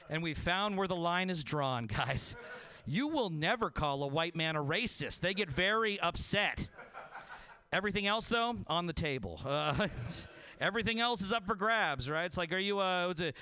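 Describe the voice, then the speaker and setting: A man doing sarcastic, animated open mic stand-up on a stage mic. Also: high voice, normal speed. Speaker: stand-up comedian.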